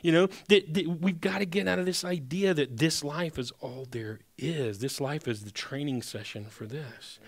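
A man's voice: a little high, normal speed, few pauses. Conversational, emphatic male pastor preaching. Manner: conversational and emphatic, with frequent restarts. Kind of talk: sermon.

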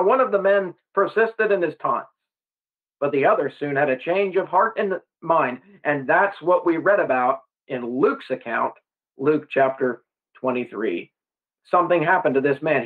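A man preaching a gospel sermon in earnest, putting questions straight to the listener. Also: on the high side. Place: gospel hall. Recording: tinny phone-like sound.

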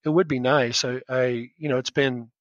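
A man's voice: medium pitch, fairly even intonation, normal speed, no room sound, dull audio. A man in his fifties from the United States, a teacher, telling his story as a podcast guest in an earnest, emotional way with many restarts. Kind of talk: casual storytelling interview.

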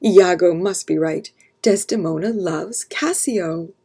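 A woman voicing a jealous, hot-tempered male general in a children's storybook reading, pitching her voice up and speaking loudly. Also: slow pace, breathy edge, heavily acted. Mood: angry. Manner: shouting, raised voice.

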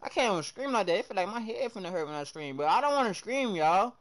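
A young man streaming live, excitably commenting on his game, shouting at teammates and chatting with viewers in heavy slang. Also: high-pitched, fast talker, slight background noise. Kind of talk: live gameplay commentary and chat reading.

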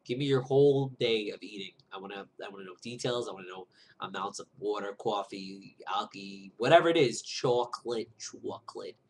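A man's voice: on the low side, brisk. Rambling man chatting in a vlog. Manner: rambling, full of fillers and restarts; chatty, talking while eating lunch. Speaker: vlogger. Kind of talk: casual vlog chat.

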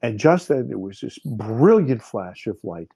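Male guest in his fifties, husky mellow voice, dry close sound, animated storyteller. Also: mid-range voice, unhurried, no room sound. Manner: vivid, animated retelling with many restarts. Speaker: podcast guest. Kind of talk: personal storytelling in an interview.

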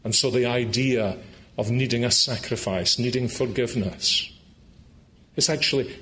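A man's voice: medium pitch, a bit bright. A man with a Scottish accent preaching a sermon in a church meeting, making earnest, pleading appeals to his listeners and closing in prayer.

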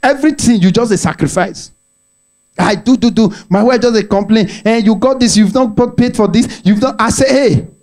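A man's voice: high-pitched, moderate pace. A Nigerian man with a Nigerian accent doing stand-up, telling a family story and acting out its voices with pidgin mixed in. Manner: animated, mixes in Nigerian pidgin, acts out the voices in his stories. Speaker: stand-up comedian.

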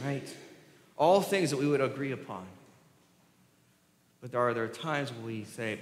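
A man preaches in a church sanctuary at a mid-range pitch, putting questions to the congregation and answering them himself. His voice carries through a roomy hall with a long reverb tail. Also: measured pace, long pauses. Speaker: pastor. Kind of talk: sermon.

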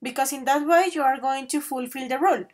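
A woman with a high voice teaches an online grammar class, switching between English and Spanish. She stretches her example sentences out slowly and keeps calling her students affectionate pet names. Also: a little mellow. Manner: slow, drawn-out model sentences.

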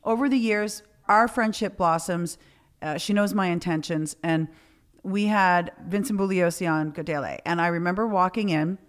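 A middle-aged woman hosts a casual chat, with a somewhat low voice for a woman. She tells stories with swearing and acts out what people said. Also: moderate pace. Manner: profane, animated storytelling with quoted dialogue. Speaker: podcast host.

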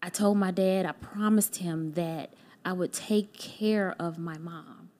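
A woman's voice: on the low side, steady tone, slow, darkish tone. Woman telling a heartfelt personal story. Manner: heartfelt, acts out what others said to her. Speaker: podcast guest. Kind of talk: personal storytelling in casual conversation.

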